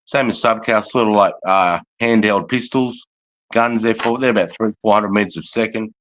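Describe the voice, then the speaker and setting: A man's voice: lowish voice, steady tone, moderate pace, a bit bright, poor audio. Sweary Australian man on a livestream. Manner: blunt, sweary, rambling. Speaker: livestream host, veteran. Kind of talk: casual live commentary.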